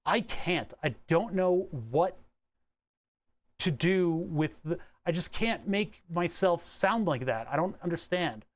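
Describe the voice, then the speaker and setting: Young male hobbyist, slightly high voice, rambling and self-talking as he works. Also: lively intonation, slow. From Delaware County area, Pennsylvania. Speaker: electronics hobbyist vlogger. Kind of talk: casual talk while working.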